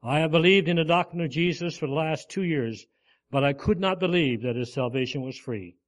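A man's voice: on the high side, brisk, natural voice. A man voicing an earnest old pearl diver. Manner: earnest, pleading. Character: old male pearl diver, grave and devoted.

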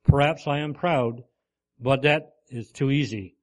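A man's voice: medium pitch, a little slow, close to an everyday voice. A man voicing a missionary in a sermon story, speaking firmly and sincerely. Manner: firm, sincere. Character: male missionary, determined and humble.

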